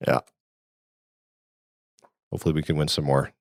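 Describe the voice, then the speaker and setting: A man's voice: very deep voice, level tone, moderate pace, no echo, clean studio sound. A man hosting a casual podcast, telling rambling stories and laughing as he goes, talking over a remote call. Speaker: podcast host. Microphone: remote call setup.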